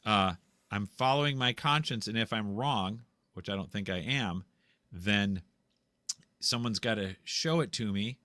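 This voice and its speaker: A man's voice: on the low side, unhurried, sharp tone, no echo. A man in a casual debate, speaking bluntly and insistently in a preachy, lecturing way. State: tired after a long talk. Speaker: guest.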